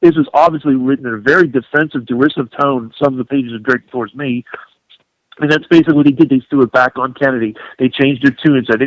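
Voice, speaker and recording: A man, an author guesting on a radio interview, talking in an emphatic, indignant, animated way. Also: medium pitch, quick pace, dry recording. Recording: dull lo-fi radio broadcast.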